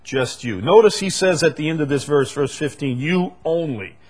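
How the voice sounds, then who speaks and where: Male preacher, husky voice, emphatic delivery that swells and drops. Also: on the high side, expressive, moderate pace. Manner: emphatic, swings between loud peaks and quiet asides. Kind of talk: sermon.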